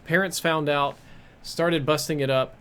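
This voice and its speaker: A man's voice: fairly high pitch, steady tone, measured pace, fairly bright tone, slight background noise. A male game streamer casually telling a rambling, crude, self-mocking story while he plays, on a headset mic.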